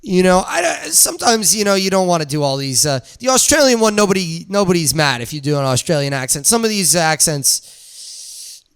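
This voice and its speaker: A man's voice: high-pitched, sing-song, brisk, clear, resonant tone. A young man co-hosting a casual podcast, chatting loosely and slipping into goofy put-on accents. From New Jersey area, Italian-American. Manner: goofy, jumps into exaggerated joke accents. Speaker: podcast co-host. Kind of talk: casual chat doing joke accents.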